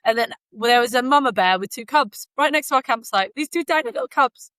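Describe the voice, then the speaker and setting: A woman's voice: fairly high pitch, animated, a little fast, fairly bright tone, dry recording. A woman, co-hosting a podcast and telling stories in a casual, rambling way with many fillers. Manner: chatty storyteller, frequent fillers. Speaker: podcast co-host. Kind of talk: casual chat. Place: Canada.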